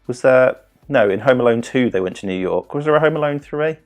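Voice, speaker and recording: A man's voice: medium pitch, lively intonation, a little fast, faint music behind. A man in his thirties hosting a casual live-streamed quiz, rambling, joking and interrupting himself. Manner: rambling, self-interrupting, jokey. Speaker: quiz host.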